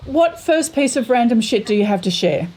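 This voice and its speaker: A woman's voice: fairly high pitch, expressive, normal speed, darkish tone. Chatty woman hosting. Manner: chatty, rambling storytelling. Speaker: host. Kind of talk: casual chat.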